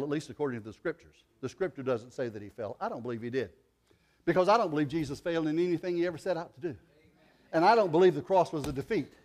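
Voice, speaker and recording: A male pastor preaching a sermon, moving from quiet reasoning to loud cries of praise and softly recited hymn lines. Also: on the high side.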